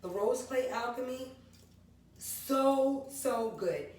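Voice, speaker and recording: Speaking slowly in a high, darkish voice, the forties-aged natural hair and skin product maker chats her way through her range in a casual vlog, rambling over ingredient lists. The room is very echoey, she's distant from the mic, and a faint hum sits underneath.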